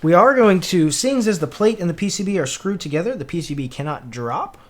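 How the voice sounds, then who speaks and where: A man's voice: high voice, animated, fairly quick. A man from Tennessee with a Southern accent, chatting casually with viewers on a livestream while he works, greeting people and humming to himself. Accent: Southern American (Tennessee). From Tennessee, USA. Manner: laid-back, greets viewers, mutters and hums while working.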